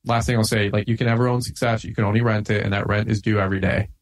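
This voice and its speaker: A man's voice: lowish voice, little pitch movement, very fast. A middle-aged man speaks in a casual podcast chat, intense and fired up. He leans on "like" and "man" and drives his points home bluntly. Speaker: podcast guest, lawn care business owner.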